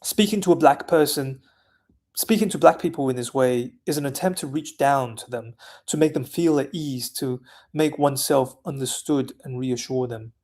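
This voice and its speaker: A man reading a nonfiction book aloud in a measured, deliberate way, with small restarts now and then. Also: medium pitch, a little mellow. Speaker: reader of a book.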